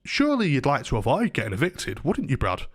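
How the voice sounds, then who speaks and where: A man's voice: fairly high pitch, big pitch swings, a little fast, a bit bright. A man voicing a posh, cunning and patronising male landlord from London.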